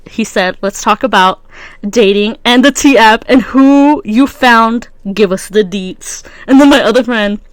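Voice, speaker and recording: A woman's voice: medium pitch, a bit bright, dry recording. Slangy young woman with a stuffy nose. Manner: slangy and rambling, many fillers. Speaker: podcast host. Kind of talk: casual solo podcast chat.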